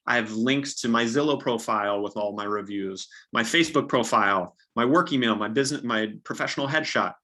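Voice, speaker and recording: A man's voice: mid-range voice, brisk, hardly any pauses, pushed and bright. A young man, a real estate agent, giving upbeat, practical coaching in a casual way and acting out sample dialogues.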